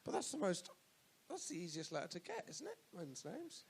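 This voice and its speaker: High, lively man host teasing a guest. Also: vocal fry, a crowd in the background. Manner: quick teasing interjections. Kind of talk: teasing questions during a panel show. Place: live radio show.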